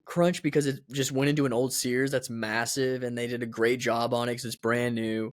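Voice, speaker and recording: A man's voice: mid-range voice, level tone, moderate pace, no room sound, studio quality. A young man hosting a podcast alone, rambling in a casual, chatty, self-mocking way. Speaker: podcast host. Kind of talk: casual solo podcast chat.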